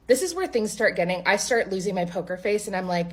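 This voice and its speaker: A woman with a husky, breathy voice tells a bad-date story straight to the camera. She talks casually and bluntly, with exasperation and plenty of swearing, in an ordinary mid-range pitch. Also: big pitch swings, quick pace.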